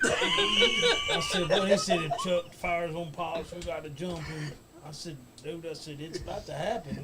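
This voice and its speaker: A man's voice: high-pitched, sing-song, moderate pace, over a noisy crowd. A man casually telling a rambling, profane backstage story as a guest on a talk show, laughing as he goes.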